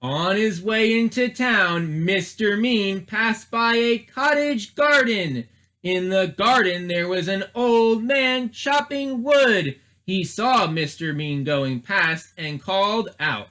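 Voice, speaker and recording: A man's voice: high-pitched, animated, slow pace, bright, forceful tone. A man, a children's librarian, reading a storybook aloud expressively and asking the listeners questions.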